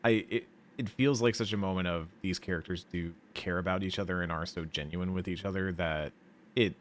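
A man with a very deep, low voice in casual podcast conversation, with a faint hiss of noise under him. He talks earnestly, stumbling over restarts before his point comes out. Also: fairly even intonation. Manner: earnest, stammering restarts, quick bursts. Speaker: podcast co-host.

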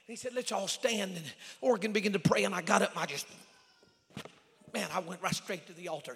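Fiery evangelist in a reverberant church. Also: male voice, high voice, fairly quick, vocal fry. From Oklahoma. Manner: swings from shouted exhortation to hushed storytelling. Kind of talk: fiery revival sermon. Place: church sanctuary. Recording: long church hall reverb.

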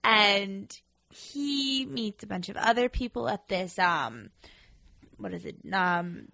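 A young woman joins a casual movie chat, bubbly and quick to giggle, now and then searching for a word. Her voice sits at a middle pitch and sounds dry and close to the mic. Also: animated, creaky, pushed and bright, no echo. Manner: giggly, bubbly, loses words. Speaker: guest.

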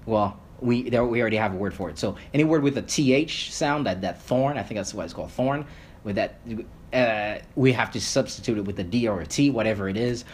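A man's voice: fairly low pitch, brisk, a little hiss or hum. A man who grew up speaking Creole, a podcast guest in casual conversation who rambles, swears and restarts a lot. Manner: rambling, animated, swears, many fillers and restarts.

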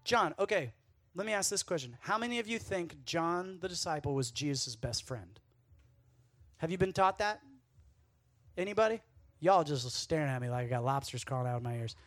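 A man giving a casual, conversational sermon at a youth camp, playful and quick to act out the lines he quotes. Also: a little high, expressive, a bit bright, dry recording.

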